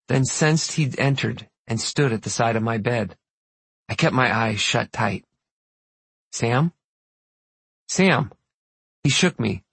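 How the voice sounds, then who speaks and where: Male audiobook narrator, first person, husky, dry close sound. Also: medium pitch, fairly bright tone, no echo.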